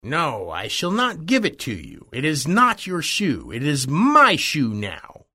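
A man voicing a wicked old witch woman in a shrill, wailing storybook voice. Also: huge pitch swings, slow pace, pushed and bright, breathy edge, full character voice. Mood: gloating.

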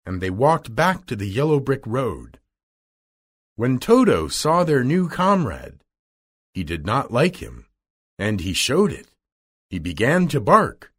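A man reads a simple storybook aloud for learners. His pitch rises and falls in wide, sing-song arcs. The pace is very slow and the tone is slightly husky. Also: wildly swooping pitch. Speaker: narrator. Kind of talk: storybook reading.

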